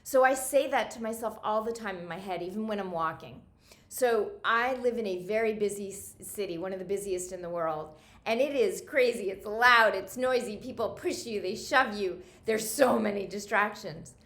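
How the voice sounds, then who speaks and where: A woman guiding a self-help talk as a coach, gentle and encouraging, often repeating phrases for emphasis. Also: medium pitch, moderate pace. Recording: echoey room.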